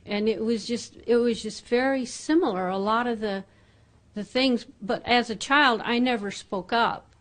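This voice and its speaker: A woman from the congregation giving a personal testimony in a halting, hesitant way. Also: a little high, fairly bright tone. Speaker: congregation member.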